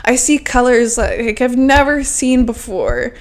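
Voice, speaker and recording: A young woman in her twenties with a high voice talks straight into the mic as a podcast host. Her self-help monologue is fervent and emotional, full of "like" and blunt swearing. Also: unhurried. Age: 20s. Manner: fervent, repeats "like" often, swears freely.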